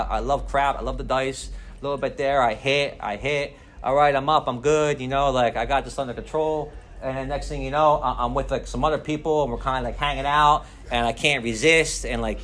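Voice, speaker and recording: A young man telling his addiction story at a recovery meeting, talking loose and streetwise. He swears freely and keeps checking in with "right?" and "you know what I'm saying?" His voice sits at an ordinary middle pitch for a man. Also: a bit bright. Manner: rambling, profane, streetwise slang with constant "like" and "right?". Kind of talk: personal recovery share.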